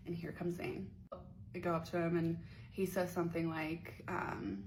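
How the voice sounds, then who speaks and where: A woman's voice: on the low side, steady tone, moderate pace, a little hiss or hum, rough recording. A young woman from the Pittsburgh area telling a personal story in a chatty, profane way, acting out quoted voices. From Pittsburgh area, USA. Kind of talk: casual storytime vlog.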